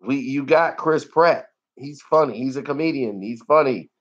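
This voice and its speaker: A man reviewing a movie in casual talk, animated and laughing often as he acts out scenes. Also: mid-range voice, moderate pace, lo-fi sound.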